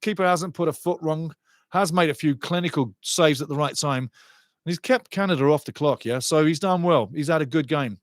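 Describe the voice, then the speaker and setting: A man commentating live on a soccer match for a watchalong stream, excitable and sarcastic, often repeating his phrases. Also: a little high, a little fast, dry recording, studio quality.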